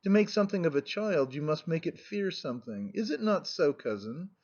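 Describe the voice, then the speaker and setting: A man's voice: fairly high pitch, expressive, normal speed, darkish tone, natural voice. A male narrator reading the lines of a talkative, vivacious middle-aged princess who argues as if contradicted, on a muffled recording. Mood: insistent. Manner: eloquent, insistent.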